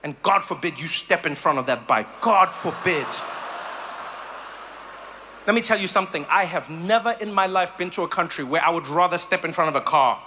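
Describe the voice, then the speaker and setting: A man from South Africa performing a stand-up comedy set, animated and acting out voices and sounds in sudden bursts. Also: a little high, moderate pace, slight background noise.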